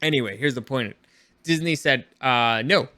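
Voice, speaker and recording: A man's voice: mid-range voice, normal speed, sharp tone, no echo, clean studio sound. A man hosting his own podcast late at night, rambling and opinionated, often correcting himself. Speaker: podcast host. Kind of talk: casual opinion podcast commentary.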